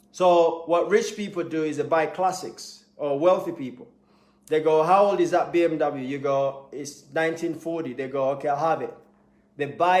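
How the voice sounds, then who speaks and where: A man giving a motivational talk, emphatic, repeating key points and acting out little scenes. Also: fairly high pitch. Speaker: motivational speaker. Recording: echoey room.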